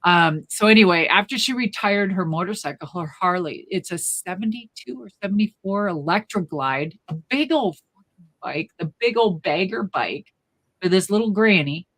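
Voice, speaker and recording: A co-host on a remote live stream chat tells lively family stories, loudly acting out the people she quotes. Her voice is lowish and she speaks at a normal speed.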